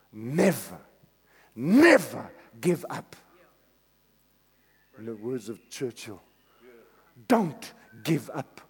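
A male pastor preaching a sermon, swinging from hushed tones to shouts. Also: medium pitch, gravelly, slightly rough, in a large hall.

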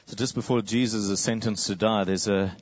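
A man's voice: fairly low pitch, fairly even intonation, brisk, husky, muffled recording. A man preaching a sermon, telling a story vividly and acting out a crowd's cries.

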